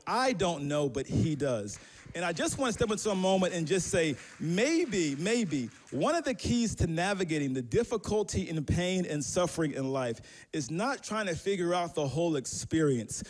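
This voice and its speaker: A man's voice: a little high, sing-song, moderate pace, slight background noise. A man preaching a sermon as pastor, telling a personal story in a conversational, self-deprecating way with many fillers and restarts.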